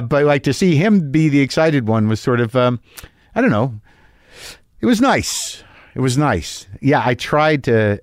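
A middle-aged man delivers a casual solo podcast monologue, wandering through his thoughts with lots of fillers and false starts. His voice sits at an ordinary pitch for a man. The sound is dry, with no room echo. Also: darkish tone. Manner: rambling, self-deprecating, many restarts and fillers. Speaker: podcast host.

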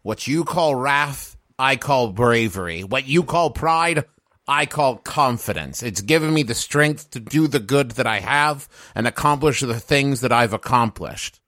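A man's voice: medium pitch, animated, measured pace, fairly bright tone, no room sound, studio quality. A man playing a brash male warrior in a tabletop game, blunt and defiant. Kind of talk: in-character tabletop role-play.

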